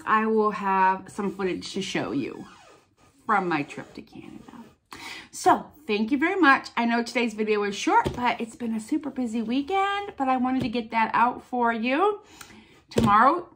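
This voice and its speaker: A woman in her fifties chatting excitedly as a vlogger opening viewer mail, sounding stuffed up from sinus trouble. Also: a little high, slight background noise. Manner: bubbly, gushing, chatty. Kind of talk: casual chat.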